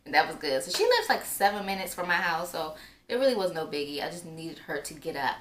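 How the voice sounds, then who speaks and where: A woman's voice: fairly low pitch, sing-song, fast talker, fairly bright tone. A young woman telling a personal story in a casual, chatty way, with lots of filler words. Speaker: vlogger. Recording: roomy echo, faint background noise.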